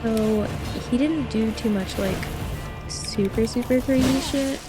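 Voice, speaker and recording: Slow-talking laid-back woman. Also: a little high, music in the background, poor audio. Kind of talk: casual chat.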